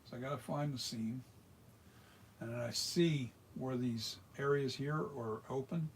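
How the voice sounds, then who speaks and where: A talkative American man walks through a hands-on workshop tutorial in an easygoing, rambling way. His voice sits at a middle pitch, and he often restarts his sentences. A faint hiss of noise runs underneath. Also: unhurried. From United States. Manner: chatty and rambling, with frequent restarts. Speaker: mask maker demonstrating. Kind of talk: hands-on tutorial, casual chat.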